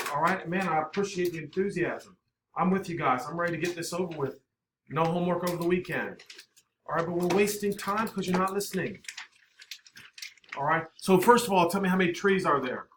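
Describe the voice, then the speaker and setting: A man teaching a math class, brisk and coaxing, often checking in with the students. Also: high-pitched. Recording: echoey classroom, faint noise.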